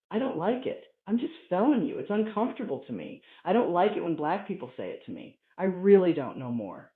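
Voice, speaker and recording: A man doing a stand-up routine, telling stories in a profane, animated way. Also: sits high. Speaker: stand-up comedian. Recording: tinny, roomy live recording.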